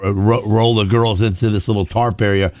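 A man's voice: fairly low pitch, level tone, fairly quick, a little mellow, no room sound. A man co-hosting a radio show, chatting in a laid-back way with chuckling asides. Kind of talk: casual chat.

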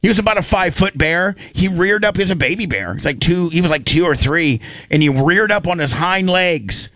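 A man, a radio show host telling stories in casual chat, animated and acting out quotes. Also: high voice, a little fast, no room sound. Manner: animated storyteller, acts out quotes.

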